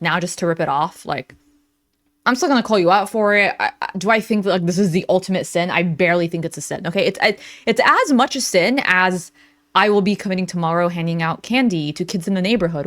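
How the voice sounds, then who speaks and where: A young woman giving casual reaction commentary in a blunt, sarcastic, animated way. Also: lowish voice.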